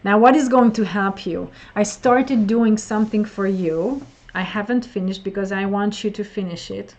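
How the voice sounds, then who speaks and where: A woman teaching an online English listening lesson, slow and explanatory, often repeating words for emphasis. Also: medium pitch, a little mellow.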